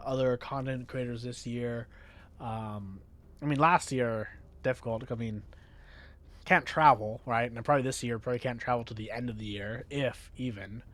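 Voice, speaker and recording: An American man chatting casually on a livestream, often restarting his sentences and answering chat. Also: medium pitch. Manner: rambling, many restarts, reads chat aloud. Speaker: streamer. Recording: faint music in background.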